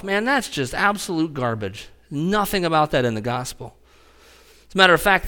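A man preaching a conversational sermon as a pastor, talking straight to his congregation in an animated way. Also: a little high.

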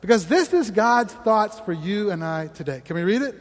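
High, lively male pastor preaching. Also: normal speed, hardly any pauses, in a large hall. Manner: energetic, exclamatory, laughs often. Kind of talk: sermon.

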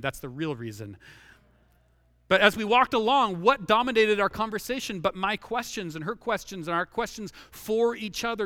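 A middle-aged man delivers a sermon in a high, bright voice, recorded close and dry. He is earnest and keeps returning to his key phrases, sinking lower and slower to drive them home. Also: clear, resonant tone, no echo. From Washington state. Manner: earnest, repeats key phrases, drops low and slow for emphasis. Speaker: pastor.

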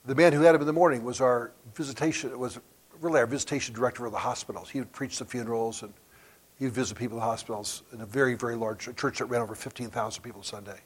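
Invited as a guest preacher, this man in his sixties weaves stories into his sermon and climbs to abrupt, emphatic jumps in volume. He speaks in a mid-range voice.

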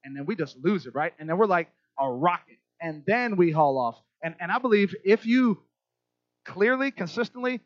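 In an animated, high-pitched voice at a moderate pace, a middle-aged pastor gives a sermon to a church audience. He's conversational and chatty, often checking in with those listening, on a dull, dry, lo-fi recording.

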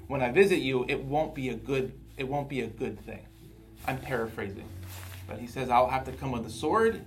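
A man teaching a Bible study group in a relaxed, conversational way, often repeating words and checking in with his listeners. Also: mid-range voice.

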